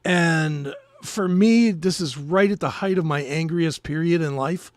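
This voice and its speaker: A man co-hosting a podcast, telling a story in casual chat, animated and swearing freely. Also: on the high side, unhurried, no room sound, clean studio sound. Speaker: podcast co-host.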